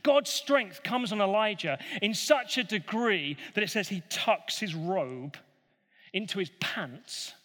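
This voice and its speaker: A man retelling a Bible story in a casual, animated way, with jokey asides. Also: high-pitched. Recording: long hall reverb.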